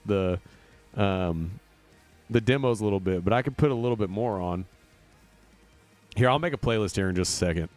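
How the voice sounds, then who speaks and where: A man from Indiana, a band member booking a tour, chatting casually and upbeat on a livestream, rambling with plenty of fillers. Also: on the low side. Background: faint demo music looping.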